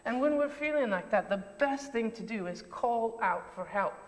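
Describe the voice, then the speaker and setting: A woman's voice: on the high side, animated, moderate pace. A woman leading a children's talk at a church service, asking questions and encouraging the children in simple words. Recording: reverberant church interior.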